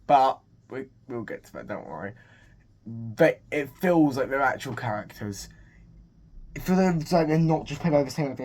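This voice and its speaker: Casual male film recapper with a middle-pitched voice, rambling and full of restarts. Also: darkish tone. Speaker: movie reviewer.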